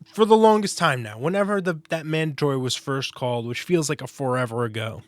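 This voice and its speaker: A man's voice: medium pitch, a little fast, no echo. A man hosting a show, casually giving opinionated, wry and sarcastic predictions. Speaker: boxing podcast host.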